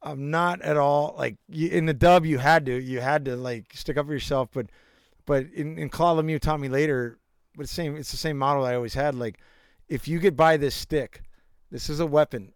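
A man's voice: a little high, fairly even intonation, brisk, clear, resonant tone, no room sound, clean studio sound. A middle-aged man, a former hockey player, telling stories as a guest in a casual chat, rambling, restarting often and swearing freely. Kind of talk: casual storytelling.

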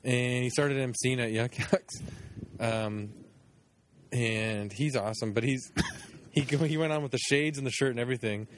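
A man's voice: medium pitch, steady tone, normal speed, slight background noise. Joking, profane man in his thirties. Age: 30s. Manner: jokey, profane, laughs often. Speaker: podcast host. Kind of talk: casual comedy podcast chat.

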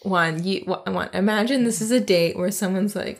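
A woman's voice: mid-range voice, normal speed. A woman in casual chat, retelling a film's plot in a loose, jokey, profane way. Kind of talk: casual chat recapping a film.

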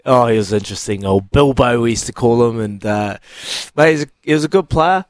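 A man hosts a casual podcast in a steady, sincere voice. His pitch sits in the middle, and the recording is close and dry, with no room sound. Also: a little fast, no echo. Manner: steady, sincere, reads out information plainly. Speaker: podcast host.

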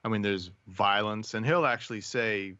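A man's voice: fairly low pitch, normal speed, sharp tone, dry recording. A man co-hosting a podcast, speaking thoughtfully and hesitantly with many fillers. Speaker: podcast co-host. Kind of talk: casual chat. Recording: slightly dull, dry sound.

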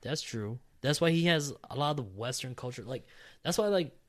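A young man talking casually with a friend about family, relaxed and full of fillers, with the odd swear word. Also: medium pitch, normal speed. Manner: laid-back, swears casually, lots of fillers. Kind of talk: casual chat.

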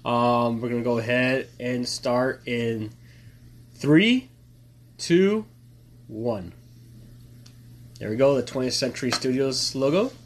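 A man's voice: medium pitch, flat delivery, normal speed, few pauses, a little hiss or hum. A man giving casual, chatty commentary while watching a film, thinking aloud and chewing popcorn as he talks. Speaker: movie watch-along host. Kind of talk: casual live movie commentary.

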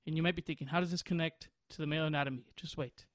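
Young guy podcast host, high voice, rambly, laughs a lot mid-story. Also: fairly even intonation, racing, a bit bright, dry recording, clean studio sound. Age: 20s. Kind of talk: casual chat.

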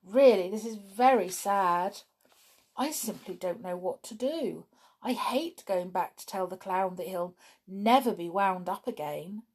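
A woman's voice: medium pitch, measured pace, a little mellow, husky. A woman voicing a kind, worried male sailor doll in a children's story.

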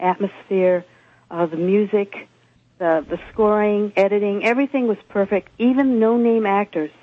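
A man calling into a radio show, chatting in a folksy, opinionated way with halting repeats. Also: sits high, fairly even intonation, dry recording. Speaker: caller. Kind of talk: casual phone-in chat. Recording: tinny phone line.

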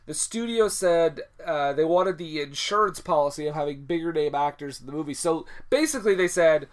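A man's voice: on the high side, brisk. A man co-hosting a casual film podcast, loose and joking, swearing and laughing as he tells the story behind a movie. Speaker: podcast co-host.

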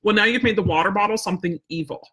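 Very fast and slightly rough, her medium-pitched voice has a fairly bright tone. A woman dog trainer, she's teaching casually on a live stream, talking plainly, checking in with "right?" and "okay?", and stressing follow-through.

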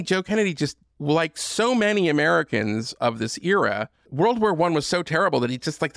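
A man's voice: on the high side, fairly bright tone, dry recording, clean studio sound. A man hosting a podcast, telling history in a conversational monologue with frequent asides and fillers. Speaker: podcast host.

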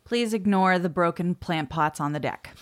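A woman's voice: lowish voice, normal speed. A woman co-hosting a podcast from home, chatting casually, playful and self-mocking, laughing often. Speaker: podcast co-host. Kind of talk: casual chat. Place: home, by the deck doors.

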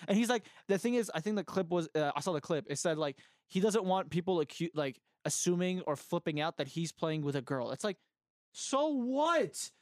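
Young man, higher-pitched, dry close sound, heated rant, swears a lot. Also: fairly quick, few pauses, a little mellow, dry recording. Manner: heated, ranting, swears freely. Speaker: podcast co-host. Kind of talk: casual gaming podcast chat.

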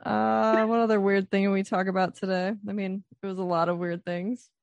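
A woman's voice: mid-range voice, level tone, a little fast, gravelly, dry recording, lo-fi sound. Wry joking woman co-host, dry sound. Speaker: podcast co-host. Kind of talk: casual podcast chat.

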